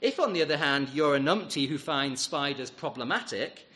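A man preaching a sermon, emphatic and rhetorical, with dramatic pauses. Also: fairly high pitch, lively intonation, pushed and bright.

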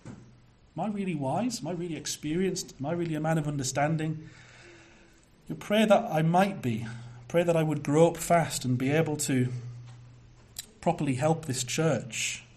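A pastor preaching a sermon, measured and emphatic, slowing down to stress key phrases. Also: male voice, fairly high pitch, darkish tone.

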